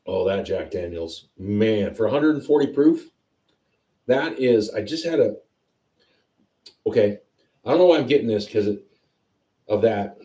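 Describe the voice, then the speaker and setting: A man hosting a whiskey tasting livestream, chatting casually and excitedly as he tastes. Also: lowish voice, a little slow, long pauses, recorded from a distance. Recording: roomy sound, a bit off-mic.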